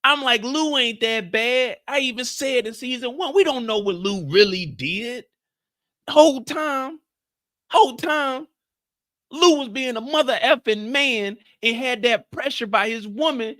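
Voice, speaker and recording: A man with a US Midwestern accent hosts a live recap stream in a bright, forceful voice. He swings between low asides and loud, outraged bursts, full of profanity. The sound is dry and close. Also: animated, a little slow, no echo. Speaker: live after-show host.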